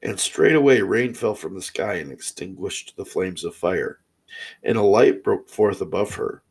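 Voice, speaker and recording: A man reading old fairy tales aloud in a steady, measured way. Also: deep voice, slightly rough, low-quality recording. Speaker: storyteller.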